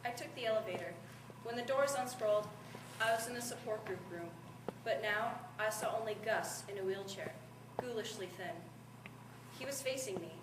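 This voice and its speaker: A teenage girl narrating as a reflective teenage girl with cancer in a student stage performance, quiet and measured. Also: mid-range voice, lightly acted. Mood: somber. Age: teens. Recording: echoey room from far off, noisy.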